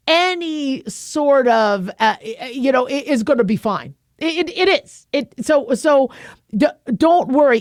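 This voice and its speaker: A woman's voice: high voice, no echo, clean studio sound. A middle-aged woman hosting a radio advice show, talking casually and playfully with many restarts. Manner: chatty, playful, frequent restarts.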